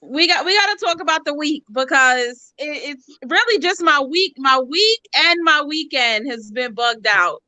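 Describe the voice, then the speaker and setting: A woman's voice: high-pitched, lively intonation, normal speed, few pauses, bright, forceful tone. A woman co-hosting a casual chat from a bedroom over a remote call, talking candidly in slang and saying she is tired. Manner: slangy, candid, laid-back. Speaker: co-host. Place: bedroom at her mother's home.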